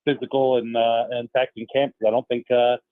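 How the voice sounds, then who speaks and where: Guy calling in to sports radio, flat monotone, phone-line sound. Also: mid-range voice, a little fast, no echo. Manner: steady, lots of uh fillers. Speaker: team reporter.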